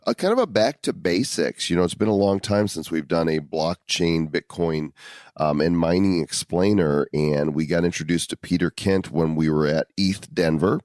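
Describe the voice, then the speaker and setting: A man's voice: sits low, normal speed, a little mellow, no echo, clean studio sound. A man co-hosting a podcast, bantering and teasing casually. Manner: joking, teasing. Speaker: podcast co-host.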